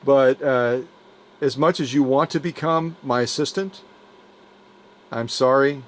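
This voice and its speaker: A man's voice: mid-range voice, unhurried. A man hosting a sewing machine restoration channel, chatting casually in his workshop with playful, rambling, jokey asides. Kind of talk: casual unboxing chat to camera. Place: home workshop.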